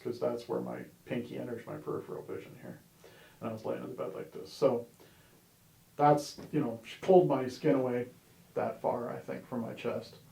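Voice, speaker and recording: Guy telling his story at church, candid and wry, mid-pitched voice, echoey room. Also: vocal fry, darkish tone. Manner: candid, conversational, wry humor, many "you know"s. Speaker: church member sharing his testimony. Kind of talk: personal testimony storytelling. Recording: roomy echo.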